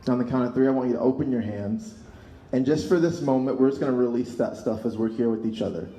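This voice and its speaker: A man leading a protest crowd through a calm, guided emotional exercise. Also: mid-range voice. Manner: calm, coaching, measured. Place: outdoor street protest. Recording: echoey outdoor PA, crowd behind.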